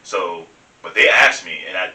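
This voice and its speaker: A man's voice: low-pitched, normal speed, pushed and bright, reverberant, recorded from a distance, poor audio. A young man hosting a casual chat over wine, telling stories in a laid-back way and laughing often. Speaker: host.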